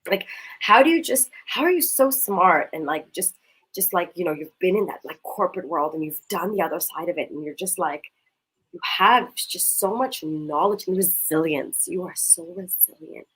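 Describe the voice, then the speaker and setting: Low husky animated woman. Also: moderate pace, poor audio. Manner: animated, gushing, swears casually. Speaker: co-host leading a coaching exercise. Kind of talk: casual chat.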